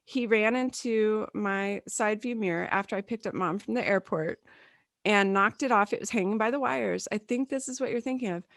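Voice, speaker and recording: A woman in her thirties, co-hosting a casual podcast chat, telling stories in a lively way and acting out what people said. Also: medium pitch, normal speed, no echo, clean studio sound. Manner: animated storyteller, acts out quotes. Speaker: podcast co-host.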